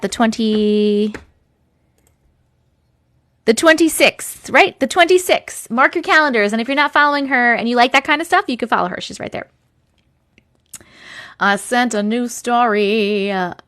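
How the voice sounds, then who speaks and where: A fairly high-voiced woman in her thirties, chatting casually on a livestream from home. She greets viewers one by one with a bright, rising lilt and drifts into loose, rambling catch-up talk. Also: animated, a little slow, long pauses. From Long Island, New York. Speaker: TikTok live host.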